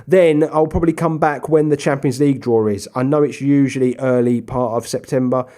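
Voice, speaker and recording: A young man casually commentating his own football management game, chatty, with sudden bursts of excited shouting. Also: mid-range voice, brisk. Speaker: gaming YouTuber. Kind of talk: casual Let's Play commentary.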